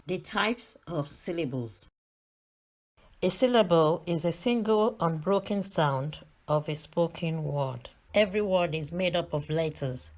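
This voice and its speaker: A British woman narrating a beginners' reading lesson, carefully sounding out letters and words. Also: low-pitched. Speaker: reading teacher. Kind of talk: slow scripted lesson narration.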